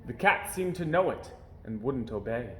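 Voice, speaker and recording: A man reading a children's storybook aloud with expressive storytelling, at home. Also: medium pitch, normal speed, reverberant, slight background noise. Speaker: storybook reader. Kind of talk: children's book read-aloud. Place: home during quarantine.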